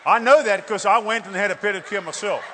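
A high-voiced male preacher delivering a humorous sermon in a church. He jokes animatedly and keeps teasing the congregation with rhetorical questions. His voice rings out in a long reverb. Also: fast, crowd noise, background noise. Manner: animated, joking, repeats "hello?" for laughs.

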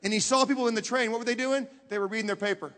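A man preaching a sermon, telling a story with dramatic swings from hushed to loud and putting questions straight to the audience. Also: sits high, fairly even intonation, rapid-fire. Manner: talks directly to the audience with questions. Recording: long hall reverb.

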